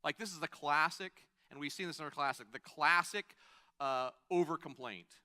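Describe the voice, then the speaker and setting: Bright-voiced male pastor preaching. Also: on the high side, normal speed. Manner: conversational, with frequent restarts and asides. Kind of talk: sermon.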